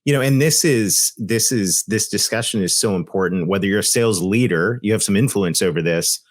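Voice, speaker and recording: Earnest low-voiced male podcast host. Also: brisk, no room sound, clean studio sound. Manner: earnest, emphatic, loose with "you know" asides. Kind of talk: conversational podcast discussion.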